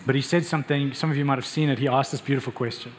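A man's voice: mid-range voice, steady tone, racing, a little hiss or hum. A man preaching a passionate, emphatic sermon and speaking directly to his congregation in a church. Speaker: pastor.

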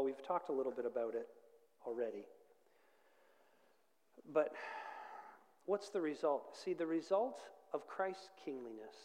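A middle-aged pastor delivers a sermon in a slightly high voice. He drops to slow, hushed phrases, then builds to loud, fervent peaks. His voice rings with the long reverb of a large church hall. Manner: dynamic preaching, swings from hushed to shouting.

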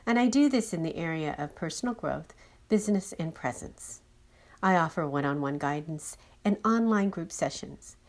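A woman's voice: sits low, animated, normal speed. A woman speaking as an inner beauty healer, leading a soothing guided meditation talk.

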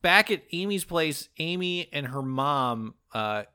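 A man co-hosting a casual comedy podcast, recapping a film with animated storytelling and joking asides. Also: fairly high pitch, takes it slowly, smooth.

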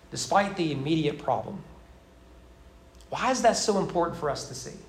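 A man's voice: a little high, sing-song, normal speed, long pauses, echoey room. A male pastor preaching a sermon with emphatic rhetorical questions. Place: church sanctuary.

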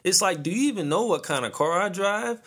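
A man in his thirties hosts a podcast, ranting casually and telling stories in profane, slangy language. His voice is high and fairly bright, animated and fairly quick.

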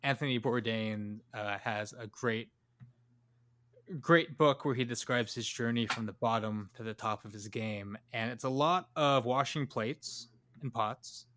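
A man's voice: mid-range voice, a little slow, a bit bright. Joking young man telling a story. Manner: loose, joking storyteller, full of fillers and laughs. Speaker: podcast co-host. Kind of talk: casual storytelling chat.

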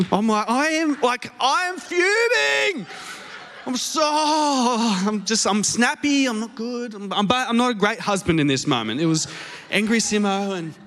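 A man with an Australian accent preaching a sermon, telling a story in an animated, self-mocking way on a stage microphone in a church auditorium. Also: high voice. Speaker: pastor. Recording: long hall reverb.

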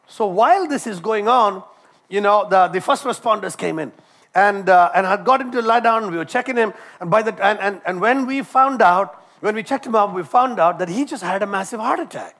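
A man preaches a sermon in a high, animated voice. He tells a personal story as he goes. He often repeats words and starts his phrases over. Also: quick pace. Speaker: doctor.

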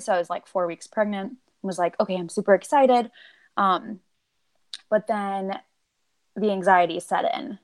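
A woman guest on a podcast, talking casually and at length with many "like"s and "um"s, acting out her own remembered lines. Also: on the low side. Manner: rambling, lots of "like" and "um", acts out her own quotes. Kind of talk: casual chat.

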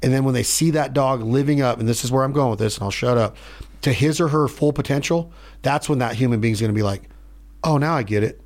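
A man hosting a podcast in a studio, telling stories in a rambling, animated way. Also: medium pitch, fast. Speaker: podcast host. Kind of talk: casual chat.

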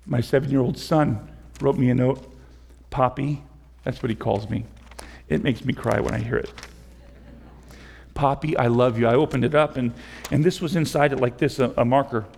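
A man's voice: mid-range voice, fairly even intonation, normal speed, creaky, pauses often, darkish tone, slight background noise. A middle-aged man preaching a sermon as pastor, conversational and repetitive, building to impassioned pleas. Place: church sanctuary. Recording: long hall reverb.

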